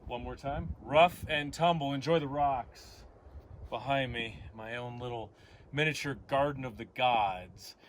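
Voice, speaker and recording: Outdoors among rocks, a male fitness instructor leads an abs workout, counting reps and cueing breaths with upbeat coaching energy. His medium-pitched voice is unhurried, and there's slight background noise.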